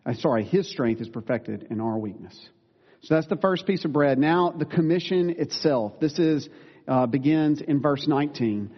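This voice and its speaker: A man's voice: a little high, expressive, normal speed, breathy edge. Man, pastor, sermon, earnest, self-deprecating, lingering hall reverb. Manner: earnest, self-deprecating asides, occasional corrections. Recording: dull sound with long reverb in a large room.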